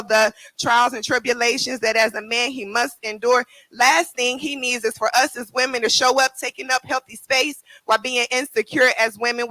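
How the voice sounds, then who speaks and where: A woman's voice: fairly high pitch, sharp tone, dry recording, rough recording. A woman performing spoken word poetry with a rhythmic, emphatic, rhyming delivery. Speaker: performing poet.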